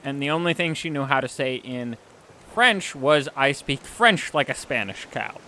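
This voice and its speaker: A man's voice: medium pitch, lively intonation, normal speed, bright, forceful tone. A man chatting casually while streaming a game, rambling and self-deprecating, with frequent chuckles. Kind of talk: casual gaming chat.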